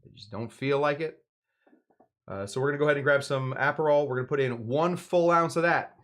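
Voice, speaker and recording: A man's voice: fairly high pitch, a little fast, fairly bright tone. A man hosting a live cocktail show, talking casually and digressively, with many fillers, asides and jokes. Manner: jokey, answers his own questions. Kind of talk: casual live drink-making demonstration.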